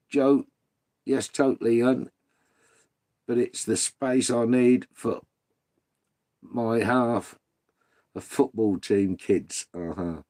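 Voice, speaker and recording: A man's voice: lowish voice, gravelly, dark tone. A British man hosting a live stream, chatting casually with viewers and reading out their comments in a blunt, sweary, ranting way.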